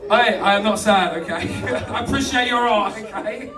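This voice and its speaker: A man's voice: high-pitched, moderate pace, far from the mic. A man hosting a comedy night, teasing the audience with cheeky banter and bringing on the next act. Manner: cheeky crowd banter, introduces acts. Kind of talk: stand-up compering. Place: small comedy club. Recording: echoey club room, mic heard from afar, loud crowd. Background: audience laughing.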